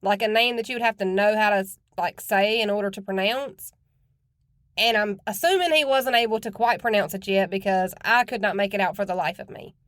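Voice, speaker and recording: A woman's voice: medium pitch, a little fast, fairly bright tone, no echo, clean studio sound. A woman hosting a true crime podcast, talking in a blunt, chatty and casual way with some cursing. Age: adult with children.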